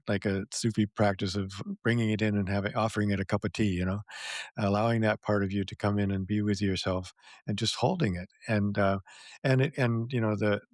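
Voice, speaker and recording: Earnest low-voiced man reflecting. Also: dry recording, studio quality. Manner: reflective, earnest, many fillers. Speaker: podcast host. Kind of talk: casual conversation.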